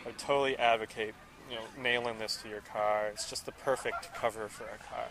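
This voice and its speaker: Enthusiastic man, mid pitch, rambling, outdoor interview with street noise. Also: steady tone, brisk, fairly bright tone, rough recording. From Minneapolis area, USA. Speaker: art car owner.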